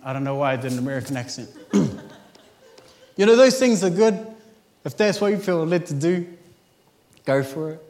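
A man delivering a sermon with a fairly high-pitched voice. He preaches in an animated, conversational way, pushing key lines loud and dropping into quick, quiet asides and light jokes. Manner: conversational, with casual fillers and jokes.

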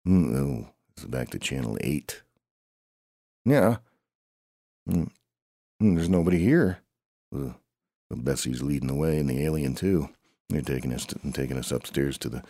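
A man's voice: a bass voice, mellow, husky, dry recording, studio quality. A man improvising a comic story as he goes, grumbling, sighing and answering himself in a back-and-forth. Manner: grumbling, sighing, talks to himself in two alternating voices.

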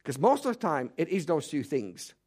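A man's voice: fairly high pitch, big pitch swings, normal speed, a little mellow. A man preaching a sermon, emphatic and direct, firing rhetorical questions at the congregation. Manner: direct, speaks to the congregation as "you".

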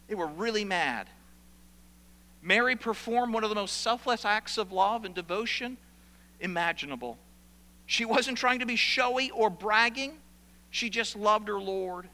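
A man preaching a sermon as a pastor, animated and repeating phrases for emphasis. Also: high voice, moderate pace, big-room sound.

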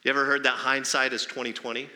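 Bright-voiced man preaching in a reverberant hall. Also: medium pitch, little pitch movement, fast. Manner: conversational preaching with many rhetorical questions. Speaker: pastor. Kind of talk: sermon.

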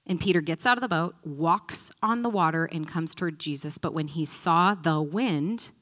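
Woman Bible teacher, lively storyteller who acts out scenes, casual and conversational. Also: low-pitched, moderate pace. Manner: animated storyteller, acting out quotes; conversational, thinking aloud.

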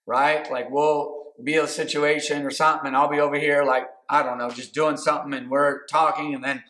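A man's voice: a little high, little pitch movement, fairly quick, bright, forceful tone. A man preaching a sermon as pastor, talking in a loose conversational way with many fillers and restarts. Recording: echoey room.

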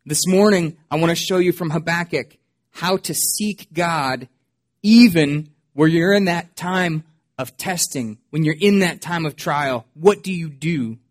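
A man preaching a sermon to his church as pastor, earnest and expressive. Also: fairly high pitch, measured pace. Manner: earnest, expressive preaching with dramatic quoted voices.

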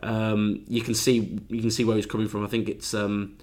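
A man's voice: lowish voice, level tone, normal speed, darkish tone. A man, a football reporter, talking casually on a podcast, hesitant, with many restarts. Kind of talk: casual chat.

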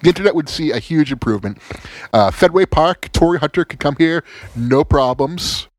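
A man in a loose, profane rant, full of sarcasm and quick restarts. His pitch swings widely as he gets worked up, and the sound is dry and close with no room around it. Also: dry recording. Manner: animated, sarcastic, swears a lot, stammers and restarts.

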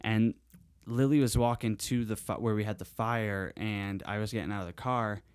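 A man's voice: on the low side, steady tone, moderate pace, darkish tone, smooth, dry recording, studio quality. A young adult man on a podcast, telling a camping story in a rambling way with many restarts. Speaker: podcast co-host. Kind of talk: casual chat.

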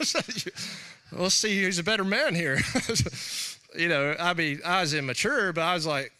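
Man, pastor, sermon, high voice, bright tone, animated, laughing asides, middle-aged. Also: normal speed.

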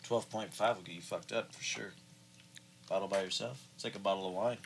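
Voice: deep voice, fairly even intonation, brisk, gravelly, a little hiss or hum. A laid-back co-host swearing freely and trading jokes in a casual tasting chat.

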